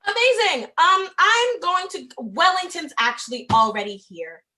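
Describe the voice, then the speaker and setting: A chirpy young party guest, as a woman plays her. Her voice is very high, bright and full of lively swings. She talks in an upbeat, eager way. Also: unhurried, heavily acted.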